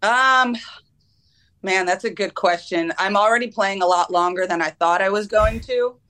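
A woman's voice: mid-range voice, normal speed, pushed and bright. A young woman footballer from the United States answering interview questions casually, with frequent ums and laughs. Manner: laughs often, many ums. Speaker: guest footballer.

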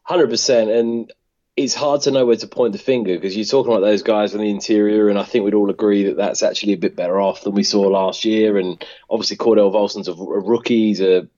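A man chatting in a loose, slangy way on a sports podcast. His low, mellow voice comes through a dull, lo-fi line. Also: fairly even intonation, fairly quick. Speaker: podcast co-host. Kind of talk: casual sports chat.

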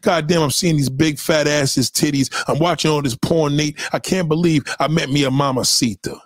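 Casting: man with a high, reedy voice, ranting hard into a close dry mic, profane and confrontational. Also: normal speed, no echo. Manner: profane, confrontational, swings between loud and low. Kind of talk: ranting monologue.

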